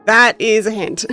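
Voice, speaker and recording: A North American woman streams a game, expressively reading its story text and interrupting herself for casual remarks to chat. Her voice is a little high with a fairly bright tone.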